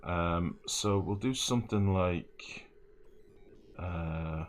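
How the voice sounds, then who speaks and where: A man's voice: low-pitched, extremely slow, slight background noise. A man streaming a game live, rambling and swearing as he builds, often humming and mumbling to himself. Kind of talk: live gameplay commentary.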